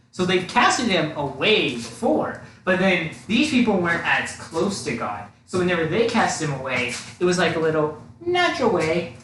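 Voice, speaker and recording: A man's voice: fairly high pitch, fairly bright tone. A young man chatting casually while baking in a home kitchen, rambling and restarting his sentences in a playful way. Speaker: co-host of baking video. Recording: echoey room, from far off mic, faint noise.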